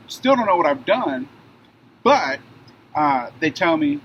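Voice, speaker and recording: A man telling a personal story in casual conversation, acting out the voices and shouts of the people involved. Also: on the high side, a little slow, long pauses, lo-fi sound, slight background noise. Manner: animated retelling, acting out shouted dialogue. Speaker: guest telling his story.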